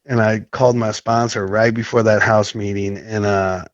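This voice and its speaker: A man from Nashville, Tennessee, guest on a recovery podcast, telling a long story in a rambling way, with many fillers and frequent throat clearing. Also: on the low side, level tone, normal speed, dry recording, dull audio. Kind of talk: casual storytelling chat.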